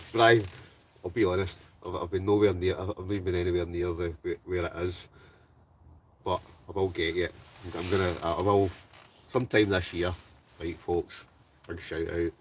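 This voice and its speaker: A Scottish wild camping livestreamer with a deep, level voice chats at a moderate pace from a hot tent outdoors behind his house. Upbeat and chatty, he greets viewers by name and reads out their comments, his mic a bit distant with faint hiss.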